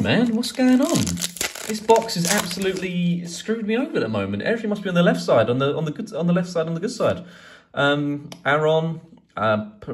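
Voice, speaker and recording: A man chatting casually as he opens card packs, swearing and rambling excitedly. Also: on the high side, noisy background. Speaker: card collecting YouTuber. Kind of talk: casual pack-opening vlog.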